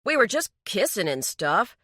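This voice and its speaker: Scared young mechanic guy, defensive and pleading, woman doing the voice, bright tone. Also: medium pitch, lively intonation, a little slow, dry recording, clean studio sound. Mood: flustered, defensive. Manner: raised, anxious and pleading.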